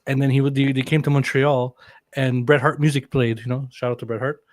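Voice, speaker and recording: A man hosting a podcast interview, jokey and excitable, laughing often. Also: medium pitch, a little fast, no room sound. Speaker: podcast host. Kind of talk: casual interview chat.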